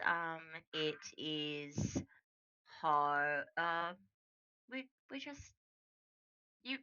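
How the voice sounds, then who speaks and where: A woman voicing a curt, formal middle-aged politician mother, speaking slowly and hesitantly with stiff politeness. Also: deep voice, bright, forceful tone, clear, resonant tone, dull audio, voice pushed down, heavily acted.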